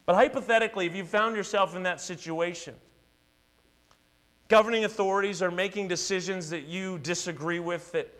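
A man's voice: high voice, fairly even intonation, a little fast, fairly bright tone. A male pastor preaching a sermon, earnest and emphatic, building repeated declarations.

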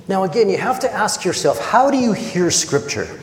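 A fairly high-voiced man preaching an earnest, conversational sermon. He slips into lively retellings of the scene. His voice rings through an echoey hall with a long reverb tail. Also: normal speed. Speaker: pastor.

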